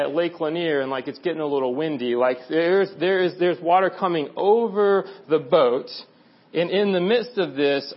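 Young male preacher, slightly high voice, casual and lively, dull lo-fi recording. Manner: conversational, animated storytelling with quoted voices. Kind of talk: sermon. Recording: dull lo-fi sound.

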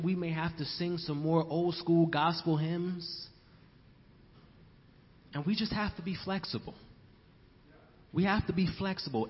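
A young man preaching a sermon as pastor, repeating key lines for emphasis and calling his listeners brothers and sisters. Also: on the high side. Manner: storytelling asides, rising to loud emphasis. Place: church sanctuary. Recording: long hall reverb, dull lo-fi sound.

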